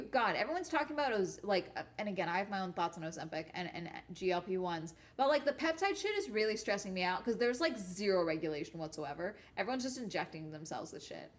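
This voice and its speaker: A young adult woman YouTuber chatting casually on a live stream while gaming, ranting bluntly and swearing often. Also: fairly low pitch.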